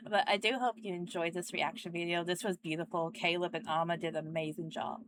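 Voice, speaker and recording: A young woman hosting a reaction channel, speaking in a casual, earnest and heartfelt way, often halting as she searches for words. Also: lowish voice, steady tone, background noise.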